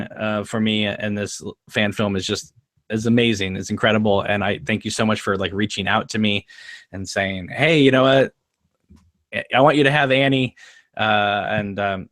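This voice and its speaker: A man's voice: on the low side, a bit bright, no room sound, clean studio sound. A young adult man hosting a casual live-stream chat, enthusiastic, laughing often and repeating words as he goes. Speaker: podcast host.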